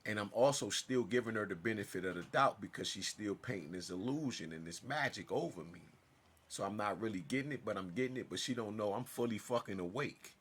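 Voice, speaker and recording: A man with a low, husky voice recounts a personal story in loose, casual monologue. He speaks, and his delivery is animated and emphatic, rising to loud outbursts and then dropping to hushed asides. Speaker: storyteller vlogger.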